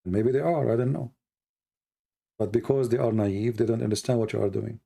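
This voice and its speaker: A man hosts a livestream in a gravelly, dark voice, his non-native English full of broken grammar. He talks emphatically, peppers his lines with "you know," and pushes higher and hotter when he turns on his critics. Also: fairly even intonation, fairly quick. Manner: emphatic, grows heated and high-pitched when mocking critics; frequent "you know" and repeated words. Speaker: livestream host. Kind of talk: casual spoken monologue.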